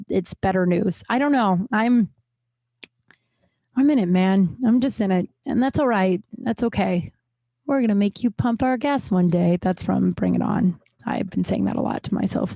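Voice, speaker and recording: A woman's voice: mid-range voice, a little mellow, dry recording. A young adult woman hosting a solo podcast, talking in a rambling, confessional way with lots of restarts and fillers. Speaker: podcast host. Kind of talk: candid solo podcast monologue.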